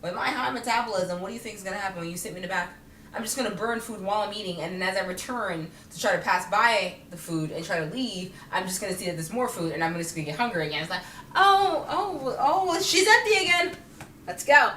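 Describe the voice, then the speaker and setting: A woman's voice: lowish voice, quick pace, fairly bright tone, slight background noise. A young woman telling comic stories to camera in a casual vlog, acting out other people's voices and laughing often. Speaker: vlogger. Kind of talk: casual comedic storytelling to camera. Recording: echoey room, mic at a distance.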